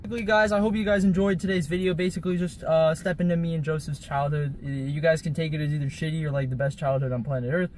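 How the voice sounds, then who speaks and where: A man's voice: on the high side, fairly even intonation, fast, hardly any pauses, darkish tone, slight background noise. A young man hosting a vlog, telling a rambling casual story with many fillers and swearing. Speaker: vlog host.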